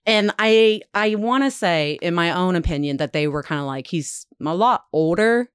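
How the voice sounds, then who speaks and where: A woman casually retelling a dark history story, acting out the quotes with lots of "like". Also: lowish voice, normal speed, smooth, dry recording, clean studio sound. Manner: animated retelling, acts out quotes, frequent "like". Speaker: podcast host telling a history story.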